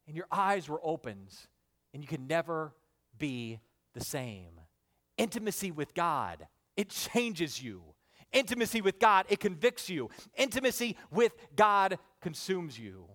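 A man, a father, preaching a sermon in church, building with emphatic repeated phrases, then dropping to hushed, slow lines. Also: sing-song. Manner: dynamic preaching, rising emphatic repetition then hushed low endings. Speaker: pastor.

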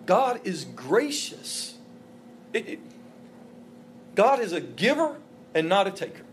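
A man's voice: high voice, very animated, slow pace, slight background noise. A man preaching a sermon as a pastor, earnest and emphatic, with repeated phrases for stress. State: emotional, voice breaking.

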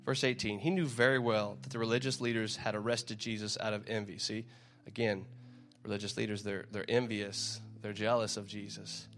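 This preacher has a lowish, level voice and a moderate pace, with hardly any pauses. Speaking casually, he reads scripture aloud, repeats himself often and mimics a shouting crowd.

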